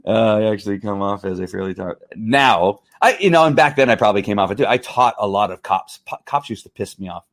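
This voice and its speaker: A man's voice: on the low side, fast talker, few pauses, no room sound, studio quality. Candid rambling man in his fifties. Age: 50s. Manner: candid rambling, frequent fillers and restarts. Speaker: host. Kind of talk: casual livestream talk.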